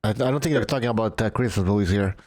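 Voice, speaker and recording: A man hosting a casual podcast, relaxed and chatty, wrapping up and thanking his chat. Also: lowish voice, rapid-fire, dry recording, studio quality. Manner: relaxed, reads chat names aloud. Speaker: podcast host.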